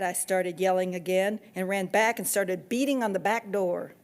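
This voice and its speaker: Woman, author, reading her own novel, expressive steady storytelling. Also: medium pitch, moderate pace, few pauses.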